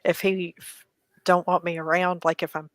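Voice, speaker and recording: Frank co-host, woman with a lowish voice, dry close sound. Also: little pitch movement, normal speed, fairly bright tone, no echo. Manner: frank and candid, laughing. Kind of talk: casual chat.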